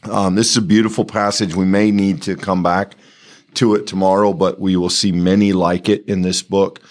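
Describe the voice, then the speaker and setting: Deep-voiced man musing over scripture. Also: little pitch movement. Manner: thoughtful, halting, restarts phrases. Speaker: bible study co-host. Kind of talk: conversational bible commentary.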